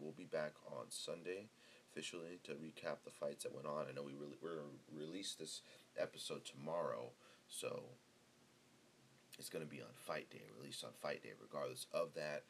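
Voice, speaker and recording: A young man with an extremely deep, low voice hosts a laid-back podcast from home. He rambles in loose, casual chat and swears freely, over a faint hiss. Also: a little fast. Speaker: podcast host.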